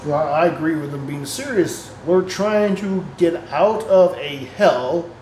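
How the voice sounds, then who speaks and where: A man's voice: on the high side, measured pace, darkish tone, reverberant, slight background noise, rough recording. A man talking in a casual, rambling spiritual monologue, swearing freely and laughing often as he talks. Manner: rambling, profane, laughs often, reads passages aloud. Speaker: spiritual vlogger.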